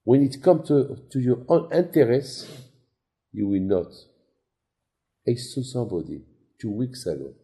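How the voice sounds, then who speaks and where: Gravelly dark-voiced rabbi preaching. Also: male voice, mid-range voice, sing-song, unhurried, long pauses. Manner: non-native phrasing, storytelling with quoted dialogue. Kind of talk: sermon.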